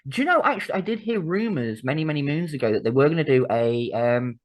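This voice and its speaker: A woman's voice: deep voice, expressive, quick pace, darkish tone. A woman co-hosting a podcast, chatty and sweary in casual talk. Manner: chatty and sweary, laughs often. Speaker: podcast co-host. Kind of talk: casual chat.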